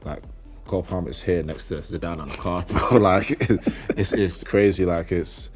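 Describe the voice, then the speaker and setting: Deep low-key young guy, chatty interview, says words twice a lot, music low behind. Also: moderate pace. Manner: relaxed, repeats words as he thinks, laughs easily. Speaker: professional footballer and card collector. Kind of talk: casual interview chat.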